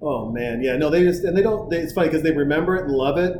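Co-host, man from Montana: lively profane storyteller, somewhat high voice, recorded in an echoey room with noise behind. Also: fast talker. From Montana, USA. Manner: animated, profane storyteller, acts out quotes. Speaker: podcast co-host. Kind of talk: casual chat.

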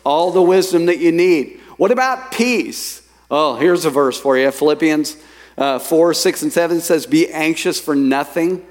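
A man preaching a sermon as pastor, lively, reading scripture and telling stories to his congregation. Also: fairly high pitch, a little slow. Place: church sanctuary. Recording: long hall reverb.

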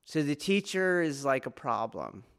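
A man with a slightly higher-pitched voice gives an earnest spoken lesson as a martial arts teacher. He keeps asking his listener rhetorical questions and repeats key phrases to press his point home. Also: big pitch swings, measured pace, gravelly, a bit bright.

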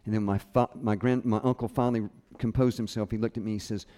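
A man's voice: lowish voice, fast. Man preaching in a reverberant hall. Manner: storytelling with lively quoted voices. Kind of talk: sermon.

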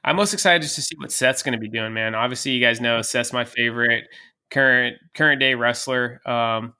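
A man's voice: medium pitch, fairly quick, sharp tone, clear, resonant tone. A man co-hosting a wrestling podcast, chatting casually and steering the conversation. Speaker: podcast co-host. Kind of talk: casual chat.

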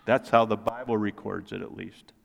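A middle-aged man preaching a sermon as pastor, lively and joking, building to emphatic peaks. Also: lowish voice, moderate pace, gravelly. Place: church sanctuary. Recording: long reverb of a large hall.

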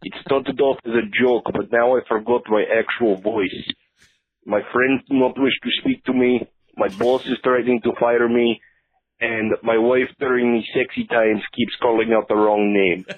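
A man calling in with a deliberately put-on Russian accent, delivering a deadpan comic complaint. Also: mid-range voice, husky. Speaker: caller. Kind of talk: recorded call-in message. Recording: phone line.

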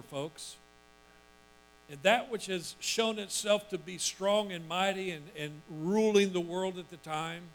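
A male pastor preaching a sermon, reading scripture and breaking into loud, emphatic asides and acted-out quotes. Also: high-pitched, poor audio.

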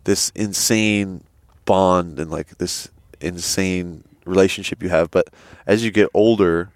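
Young guy on a podcast, low-ish voice, swears a lot, jumps way up when he acts out quotes, dry close sound. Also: steady tone, unhurried, no room sound. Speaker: podcast co-host. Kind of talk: casual chat. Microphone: headset.

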